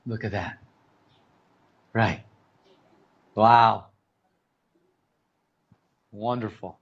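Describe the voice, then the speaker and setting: A man hosting an interview, speaking slowly and emphatically and praising his guest. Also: fairly low pitch, fairly even intonation, vocal fry. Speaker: interview host. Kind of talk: interview conversation. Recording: dull lo-fi audio.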